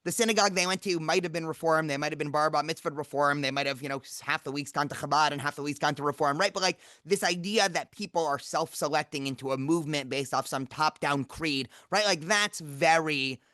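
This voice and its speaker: A man's voice: fairly high pitch, a little fast, hardly any pauses, sharp tone, no echo, studio quality. A young adult man hosting a podcast interview, lecturing and often checking in with "right?" and "you know". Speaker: podcast host, campus rabbi.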